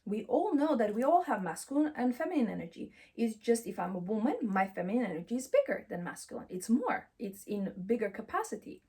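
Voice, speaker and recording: A woman's voice: fairly high pitch, big pitch swings, a little fast, few pauses, mellow, husky. A woman giving a motivational self-help talk, emphatic and affirming, who repeats encouraging phrases and speaks English with slightly non-native grammar.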